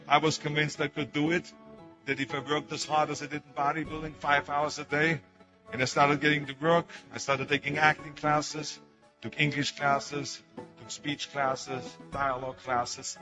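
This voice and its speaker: A man's voice: fairly high pitch, steady tone, moderate pace, over music. German-accented man giving a motivational speech. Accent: Austrian German. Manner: storytelling, emphatic, with acted quotes. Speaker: public speaker.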